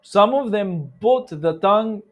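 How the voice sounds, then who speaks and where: A native Arabic speaker with an Egyptian accent gives a tajweed recitation lesson in relaxed, conversational English, slowly repeating sounds to show how they're made. His voice is high-pitched and animated.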